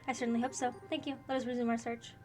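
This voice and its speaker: A woman's voice: a little high, level tone, very fast, a little mellow, lightly acted. A woman reading the lines of a polite, dutiful woman knight captain from a game, with faint game music behind. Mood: formal. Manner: polite, formal.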